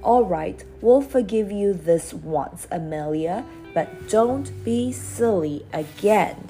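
A woman's voice: medium pitch, animated, a little slow, mellow, faint music behind. A woman voicing a gloomy boy toy named Tom in a storybook reading. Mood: forgiving.

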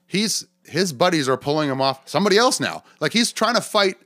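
Animated storytelling man in his forties. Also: a little fast, no room sound. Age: 40s. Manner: animated, swearing, acts out quoted voices with jumps in pitch. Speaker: podcast host, comedian. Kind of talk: casual storytelling chat.

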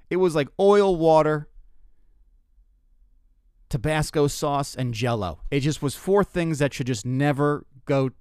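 A young man hosting a podcast, telling a comic story in a casual, animated way, stumbling and restarting often. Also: smooth, no echo, studio quality. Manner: animated, self-interrupting, swears, jumps pitch for quoted lines. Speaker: comedian podcast host.

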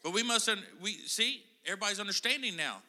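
A man's voice: high-pitched, animated, fast, bright, forceful tone. A middle-aged man preaching a casual sermon in a church, chatting and joking with the congregation. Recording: church hall reverb.

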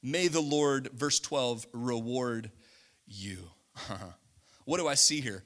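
A male preacher giving an animated sermon, laughing often and acting out scenes. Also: mid-range voice, takes it slowly.

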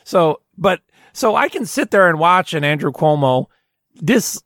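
Man, comedy podcast host, rambling chat, slightly high pitch, dry mic. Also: big pitch swings, unhurried, fairly bright tone, no room sound. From Arizona. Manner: rambling, chatty, frequent restarts.

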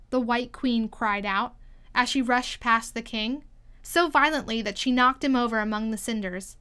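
Bright-voiced woman reading a storybook. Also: a little high, normal speed, clear, resonant tone. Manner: expressive, lively storytelling. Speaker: storybook reader. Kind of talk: storybook read-aloud narration.

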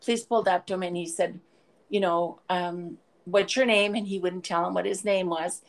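A woman's voice: on the low side, steady tone, normal speed, creaky. A woman, the hosts' mother, chatting casually on a podcast and telling stories with fillers.

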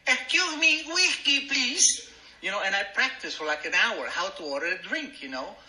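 Brief older Argentine-accented man, slightly high, very bright tone, wry self-mocking storyteller, echoey room. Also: lively intonation, fairly quick. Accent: Argentine Spanish. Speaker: speaker at a recovery meeting. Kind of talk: personal story told to a meeting.

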